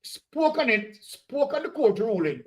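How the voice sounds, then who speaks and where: A man's voice: extremely high pitch, big pitch swings, a little slow, a little hiss or hum. A man from Jamaica co-hosting a casual political discussion, speaking emphatically and repeating key phrases. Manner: emphatic, repeating points for stress.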